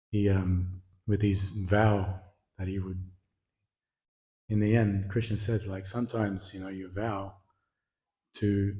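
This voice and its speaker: A man giving a scripture class, retelling the story in a relaxed, casual way with many fillers. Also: lowish voice, low-quality recording. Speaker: class speaker.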